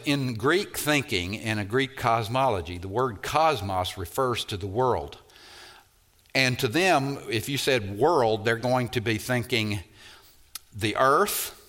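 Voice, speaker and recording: A man's voice: mid-range voice, a bit bright. A man preaching an expository sermon, repeating key phrases and leaning hard on single words for emphasis.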